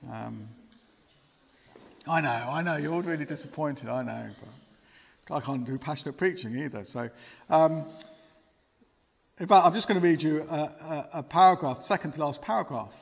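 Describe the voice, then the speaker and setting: A man's voice: a little high, moderate pace, gravelly, long pauses, husky. A man preaching a sermon in a church, earnest and conversational, often asking rhetorical questions. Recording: long reverb, dull lo-fi sound.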